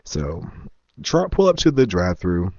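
A man's voice: deep voice, wildly swooping pitch, normal speed, darkish tone, no echo, lo-fi sound. A man hosting a live chat stream, telling a story in a casual rant, laughing often and trailing off with ums.

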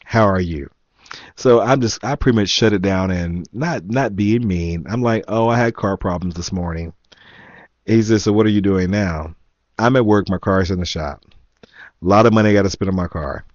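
A man's voice: sits low, moderate pace, no echo. A man from the United States casually telling a story to his viewers, amused and laughing as he reads messages aloud in a wry tone. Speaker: vlogger. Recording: slightly dull, lo-fi sound.

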